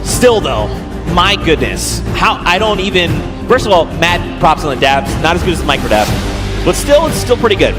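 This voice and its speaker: A man casting a live esports event in an arena, excitable and fast in his play-by-play, straining his voice. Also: on the high side, over loud music. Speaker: esports caster. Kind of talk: live game commentary. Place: large arena.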